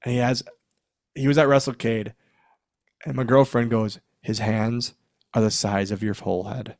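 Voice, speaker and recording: A man's voice: mid-range voice, moderate pace, dry recording, clean studio sound. A man in his forties, a former wrestler, telling backstage stories in a casual interview, acting out quotes and laughing often. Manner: animated storyteller, acts out quotes, laughs often.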